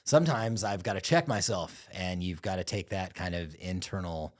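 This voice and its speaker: A man co-hosting a podcast, ranting profanely in casual chat and turning reflective about running his business. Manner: profane, fast ranting, drops into low reflective tone. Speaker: podcast co-host, business owner.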